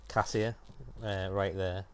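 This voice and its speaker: A man with a very low voice hosts a laid-back chat about new music releases. He talks loosely, hesitating and filling gaps as he goes. A faint hum of room ambience sits beneath him. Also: slow. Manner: relaxed, hesitant with many fillers. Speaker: music show host.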